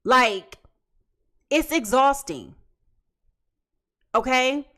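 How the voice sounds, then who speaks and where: A woman's voice: sits high, animated, drawn-out words, a bit bright. A woman giving a casual tarot reading to viewers, emphatic and chatty, stacking repeated phrases and restarting often. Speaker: tarot reader.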